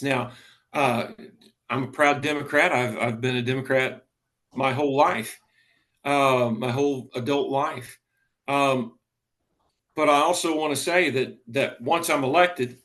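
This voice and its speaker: A man, a political candidate talking earnestly in a casual interview, often halting and restarting. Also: medium pitch, fairly bright tone.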